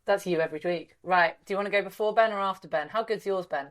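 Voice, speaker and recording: A woman who hosts a podcast and keeps the chat moving. She teases playfully and coaxes others to perform, in a mid-pitched voice. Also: fast. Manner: teasing, egging others on. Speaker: podcast host. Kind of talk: casual chat.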